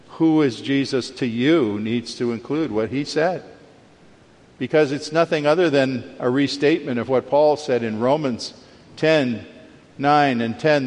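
Guy giving a sermon in a church, emphatic, long echo in the room. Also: mid-range voice. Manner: emphatic, rises sharply when acting out quoted speech. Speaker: preacher. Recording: long reverb of a large hall.

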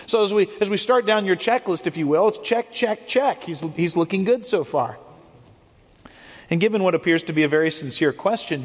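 A man's voice: high voice, husky. A man preaching a sermon as a pastor, explaining earnestly and often repeating words as he goes. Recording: long hall reverb.

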